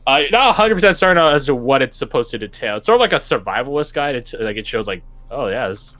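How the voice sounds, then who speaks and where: A young man runs a tabletop game as game master, describing scenes in a loose, rambling way full of fillers and restarts. His voice sits at an ordinary middle pitch. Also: very animated, quick pace, a bit bright.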